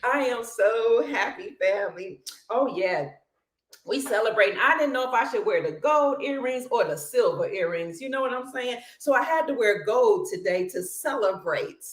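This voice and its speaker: Exuberant high-voiced woman livestream host. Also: lively intonation, moderate pace, roomy sound. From Cleveland, Ohio. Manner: exuberant, sings snatches and laughs often. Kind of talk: casual livestream chat greeting viewers.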